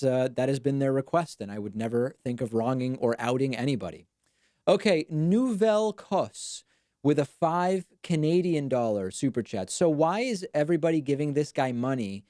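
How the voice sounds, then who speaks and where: A man's voice: on the high side, dark tone, no echo. A man hosting a live stream, giving dry, wry commentary in a casual chatty way.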